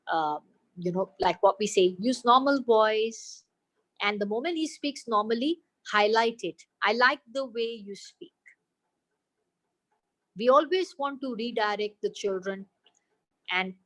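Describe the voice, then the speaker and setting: A woman's voice: mid-range voice, fairly bright tone, poor audio. A woman with an Indian accent, speaking as an expert answering parents' questions in a webinar over a video call, explaining patiently and slipping into Hindi phrases. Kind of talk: webinar Q&A advice.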